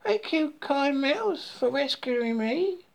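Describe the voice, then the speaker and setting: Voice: sits high, very animated, slow, vocal fry, darkish tone, pitched above the performer's own voice, heavily acted. A reader voicing a grateful, cheerful male frog in a children's storybook, eager and bouncy.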